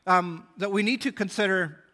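Guy preaching a sermon, high bright voice, earnest, reads verses n explains them. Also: normal speed. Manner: earnest Bible exposition, reading scripture aloud with small restarts. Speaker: pastor.

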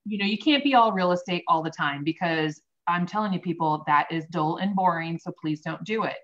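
A woman's voice: on the low side, brisk, a bit bright, dull audio. A woman host coaching real estate agents in a friendly, direct way on a video call. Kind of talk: casual interview chat.

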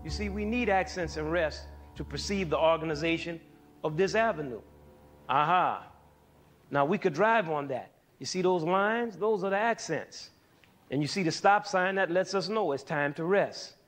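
A man's voice: fairly high pitch, moderate pace, a bit bright. A middle-aged man presenting a music lesson for young people, asking questions and answering them himself, with counting and sound demonstrations. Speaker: music educator hosting a TV series.

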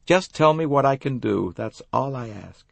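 A man voicing an older American businessman, folksy and halting, confiding in a mournful tone. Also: medium pitch, animated, vocal fry, no echo, voice pushed up. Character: grieving older American businessman, smooth and evasive.

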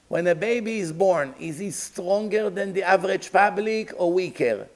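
A man's voice: sits high, animated, normal speed, hardly any pauses, poor audio. A man, a rabbi giving a Torah lecture, emphatic and full of rhetorical questions, acting out imagined dialogues.

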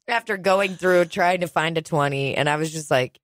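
Animated, foul-mouthed storytelling woman. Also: on the low side, moderate pace, few pauses, no echo. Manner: animated storyteller, mimics people, swears freely. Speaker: podcast co-host. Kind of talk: casual comedic chat.

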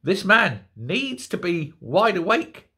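Lively, husky older man ranting. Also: high voice, slow. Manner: animated, incredulous ranting. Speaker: host. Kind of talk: opinion commentary.

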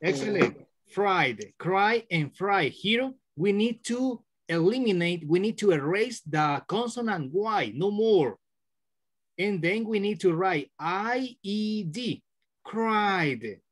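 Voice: mid-range voice, animated, slow pace. A teacher leading an online class over a video call, patiently repeating words to correct and stress them.

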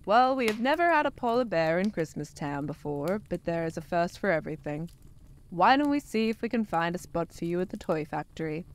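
Storybook Santa, jolly old man, low and kindly, voiced by a woman reader. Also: very animated, fairly quick.

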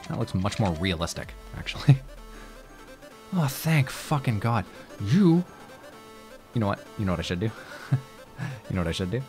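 A man's voice: fairly low pitch, very animated, normal speed, pauses often. A man giving casual, profane and joking commentary on a city-building game. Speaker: let's play host. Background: game music.

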